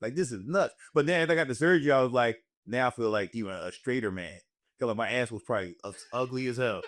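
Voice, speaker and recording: Profane, animated young man telling stories. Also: medium pitch, fast talker. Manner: profane, animated storytelling with put-on voices. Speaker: comedian and podcast host. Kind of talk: casual storytelling chat.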